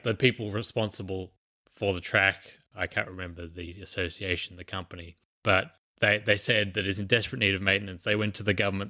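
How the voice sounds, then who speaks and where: Male podcast co-host, lowish bright voice, rambling casual explainer. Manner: rambling explainer with many fillers and restarts. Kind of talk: casual chat.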